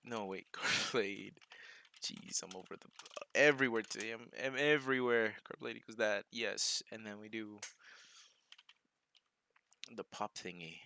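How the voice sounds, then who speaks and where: A man's voice: on the low side, sharp tone, clear, resonant tone. A young man hosting a casual live coding stream, talking to himself as he works, scattered and self-mocking, laughing at his own mistakes.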